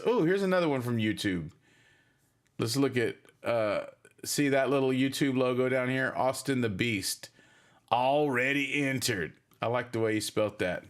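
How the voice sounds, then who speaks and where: A man's voice: mid-range voice, unhurried. A man hosting a casual livestream for his band, rambling and chatty as he reads viewer comments. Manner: rambling, chatty, many fillers.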